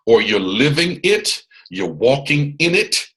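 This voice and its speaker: A man from Atlanta with a Southern American accent and a resonant baritone, giving an emphatic, preachy motivational training talk on a video call. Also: sing-song, measured pace, pushed and bright, slightly rough, low-quality recording. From Atlanta, Georgia, US. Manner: preachy, emphatic, repeats phrases, puts on voices of others. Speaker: mentor hosting a live training call.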